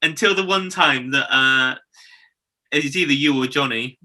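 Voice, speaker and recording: A man in his late thirties chats casually with his brother and laughs often. His voice has a very bright, sharp edge at a middle pitch. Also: moderate pace. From Bristol, England. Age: 30s. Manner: chatty, laughs often, quotes conversations. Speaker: podcast co-host, hair educator. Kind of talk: casual chat.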